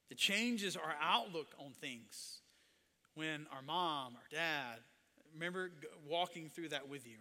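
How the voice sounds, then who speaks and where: A man preaching a sermon. He moves between hushed storytelling and loud, impassioned passages. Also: a little high, long reverb tail. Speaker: pastor.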